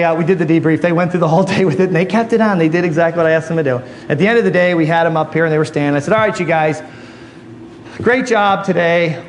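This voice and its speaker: A man giving a keynote speech on stage, telling a story and acting out the dialogue in an animated way. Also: high voice. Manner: animated, acts out quoted dialogue. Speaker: motivational speaker. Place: on stage before a live audience. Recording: live audience laughter, noisy room.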